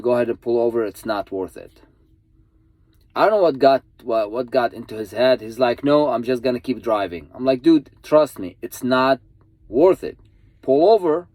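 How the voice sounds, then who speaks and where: A man tells a story in a casual, heartfelt way, circling back to the same warnings again and again. His pitch sits in a middle register. The sound is dry and close, with no room echo. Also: darkish tone. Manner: earnest, pleading, repeats himself, non-native grammar. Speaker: truck driver vlogger.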